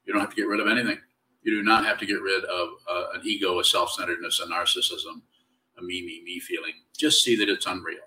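Man, very deep voice, bright edge, halting reflective dharma talk, distant mic. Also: little pitch movement. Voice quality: self-described whiny tone. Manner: slow, halting, reflective delivery with many restarts. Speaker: Zen teacher.

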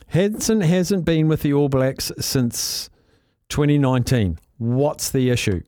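A man hosting a sports radio show, reading out listener texts and chatting with callers with quick asides. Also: medium pitch, expressive, a little mellow, dry recording, clean studio sound. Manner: chatty, reads messages aloud with quick asides and laughs.

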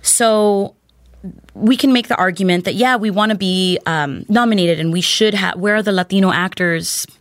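A woman's voice: medium pitch, moderate pace, no echo, studio quality. A woman hosting a casual podcast conversation, playful and thoughtful as she asks questions.

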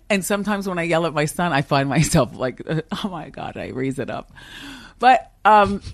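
A woman's voice: lowish voice, sing-song, normal speed, no room sound, clean studio sound. A middle-aged woman talking as a guest in a podcast interview, with a strong, confident voice and frequent laughter. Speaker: talk show host as guest. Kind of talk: casual interview chat. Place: podcast studio.

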